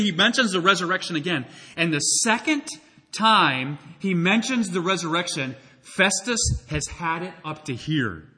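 A man preaching a sermon, animated and acting out the voices in the story. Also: high voice, breathy edge. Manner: animated, acts out quoted voices. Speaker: pastor.

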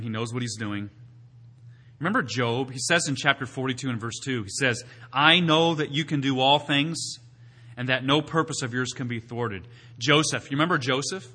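Male preacher, bright, tense tone, emphatic, asks rhetorical questions. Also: mid-range voice, breathy edge. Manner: builds to loud emphatic peaks, then drops to quiet teaching. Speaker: pastor. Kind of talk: sermon.

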